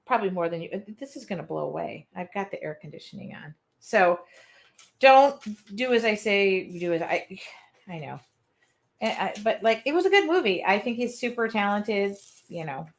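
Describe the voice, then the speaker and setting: A woman's voice: medium pitch, animated, normal speed, creaky. Chatty woman at her craft table. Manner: chatty, rambling, reads viewer comments aloud, laughs often. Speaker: art journaling host. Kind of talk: casual live-stream chat while crafting. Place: home art studio with air conditioning running.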